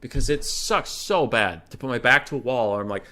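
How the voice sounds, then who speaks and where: A man's voice: mid-range voice, animated, a little fast, sharp tone. A young man casting a gaming tournament in casual, profane, exasperated commentary. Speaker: tournament caster.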